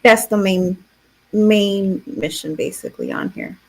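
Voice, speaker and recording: A woman hosting a livestream conversation on a video call, affirming her guest in a warm, encouraging way. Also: mid-range voice, wildly swooping pitch, a little slow, vocal fry, low-quality recording. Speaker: livestream host.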